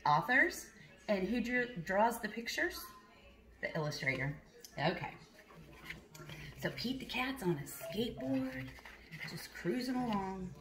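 Teacher lady reading a kids book real slow, asks the kids questions, cheers them on. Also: a little high, animated, fairly bright tone, slight background noise. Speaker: preschool teacher. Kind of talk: reading a picture book to young children.

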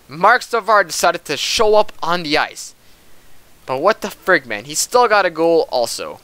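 A young man with a bright, forceful voice talks his way through a hockey video game. His commentary is casual and excitable, and he calls out to the players on screen as if they could hear him. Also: high-pitched, a little slow, clear, resonant tone, no room sound. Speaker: gaming commentator.

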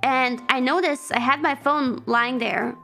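A woman streamer casually telling a story in an animated, flustered way, laughing and repeating herself. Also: high voice, a little slow, creaky, faint music behind.

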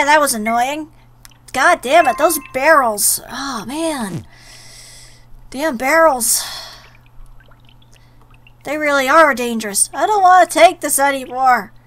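A woman's voice: high voice, fairly bright tone. A young woman playing a video game and commenting, exasperated and swearing at it. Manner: exasperated, swears at the game, reads game text aloud. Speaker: let's play gamer. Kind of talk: let's play commentary. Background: faint game music.

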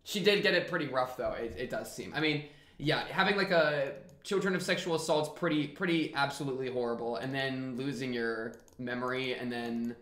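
Male reaction host, bright slightly high voice, loose rambling commentary, echoey room. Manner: rambling, animated and jokey, then winds down to a quieter reflective tone. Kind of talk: casual commentary to camera.

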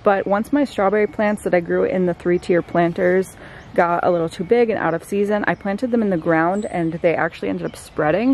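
A woman vlogger giving a relaxed, chatty tour of her backyard garden outdoors, talking to the camera as she walks around. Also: on the low side, a little hiss or hum. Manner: chatty, relaxed, filler-heavy. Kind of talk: casual walk-through vlog.

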